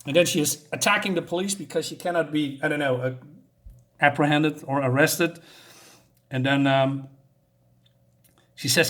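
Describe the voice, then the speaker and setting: A man's voice: a little high, fairly even intonation, fairly bright tone. Rambling man reading a comic aloud. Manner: halting, many fillers and restarts, reads characters' lines aloud. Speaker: comic book reviewer. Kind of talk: casual comic read-through with quoted dialogue.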